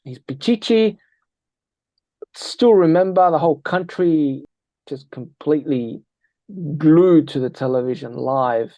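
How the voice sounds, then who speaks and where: A man's voice: on the high side, a little slow, no echo, muffled recording. Man telling football stories animatedly. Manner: energetic, tells anecdotes with quoted dialogue. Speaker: interview guest, football analyst. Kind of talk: animated storytelling interview.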